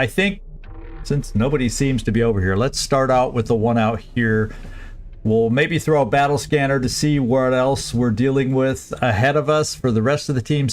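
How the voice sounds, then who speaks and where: A man streaming a strategy game, planning his moves aloud in a halting, casual way with frequent restarts. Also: medium pitch. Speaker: gameplay streamer. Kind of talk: casual let's-play commentary.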